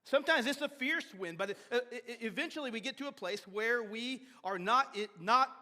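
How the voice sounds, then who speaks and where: A man preaching a sermon as pastor, animated, with sudden shouts and soft drops, often repeating and restarting words. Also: very high-pitched, a little fast. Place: church sanctuary. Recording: long hall reverb of a church sanctuary.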